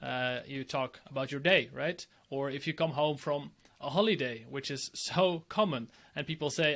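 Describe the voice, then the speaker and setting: Male host, mid-pitch, earnest, restarts often. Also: normal speed, few pauses, fairly bright tone. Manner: earnest, many restarts and filler. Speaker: podcast host. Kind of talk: conversational interview.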